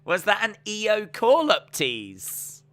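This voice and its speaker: Chatty man with a bright voice. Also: sits high, wildly swooping pitch, takes it slowly. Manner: chatty, reads out viewer comments and jokes. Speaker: live stream host. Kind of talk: casual wrestling watch-along chat.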